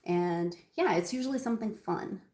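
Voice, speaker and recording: A woman's voice: on the low side, moderate pace, a little mellow. Chatty woman in an echoey kitchen. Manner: chatty, rambling, many ums, addresses viewers by name. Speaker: cooking livestream host. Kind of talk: casual live cooking chat. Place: home kitchen.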